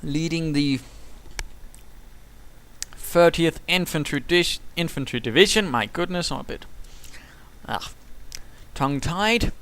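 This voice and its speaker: A man's voice: a little high, slow, long pauses, a bit bright. Playful man casting a replay. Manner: playful, theatrical, with whimsical asides. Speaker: caster. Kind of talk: strategy game replay commentary.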